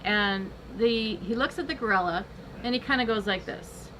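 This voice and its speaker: A woman chatting casually on a livestream and telling an animated joke, acting out the characters as she goes. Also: moderate pace, a little hiss or hum, rough recording. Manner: animated storyteller, acts out the characters with big pitch jumps.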